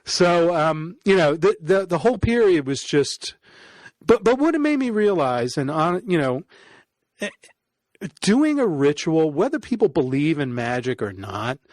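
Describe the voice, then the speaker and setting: A man, a podcast guest, telling an animated story in casual conversation, laughing often. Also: on the high side, a little slow, dry recording. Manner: animated, laughs often, acts out quoted voices.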